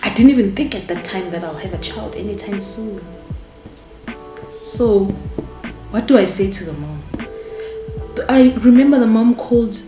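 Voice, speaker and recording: A young woman telling a storytime vlog, animated and indignant, talking straight to her viewers. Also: medium pitch, moderate pace, pauses often. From South Africa. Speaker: vlogger. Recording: echoey room with faint music.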